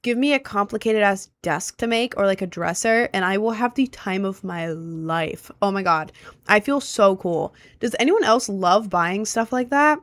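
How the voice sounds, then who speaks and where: A woman's voice: mid-range voice, moderate pace, no room sound. A young woman streamer chatting casually with her viewers, rambling and easily sidetracked in an upbeat way.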